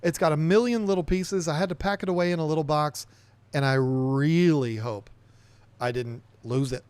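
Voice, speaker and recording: A man's voice: on the high side, moderate pace, a little mellow, clear, resonant tone, dry recording. Rambling livestream host, a man. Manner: rambling, reads viewer chat aloud and chats back. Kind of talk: casual livestream chat.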